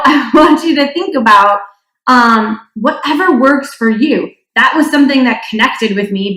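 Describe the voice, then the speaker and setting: A woman's voice: medium pitch, a bit bright. A young adult woman from North Dakota teaching a singing lesson, chatty, with demonstration sounds. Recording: echoey room.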